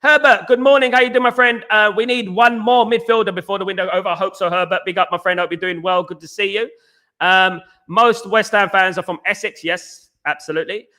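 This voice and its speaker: A man's voice: sits high, steady tone, brisk, sharp tone. A middle-aged man from East London with a Cockney accent, hosting a rambling live football chat and reading out viewer comments. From East London, England. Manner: rambling, repeats himself, reads out viewer comments. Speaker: podcast host. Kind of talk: casual live-stream chat.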